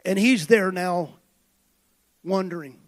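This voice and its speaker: A man preaching a sermon with passion, building to shouted high points. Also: slow pace. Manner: impassioned preaching that swells to shouts.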